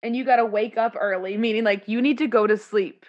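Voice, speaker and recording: A woman with a slightly high voice talks briskly through a muffled recording. As a podcast co-host discussing a musical, she chats casually and animatedly, acting out lines and quoting lyrics while recounting a scene.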